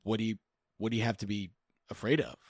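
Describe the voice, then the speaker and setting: A man voicing a stony, soft-hearted young fighter. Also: fairly low pitch, fairly even intonation, husky, dry recording, clean studio sound. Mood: reassuring. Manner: terse, halting, awkwardly kind. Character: guarded young male fighter, stony but gentle.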